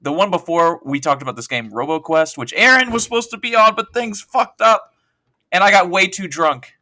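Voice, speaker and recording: A man's voice: high-pitched, animated, moderate pace, bright, forceful tone, no room sound, clean studio sound. A man appearing as a podcast guest, telling rambling, self-deprecating stories in casual chat. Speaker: podcast guest, co-host of another show.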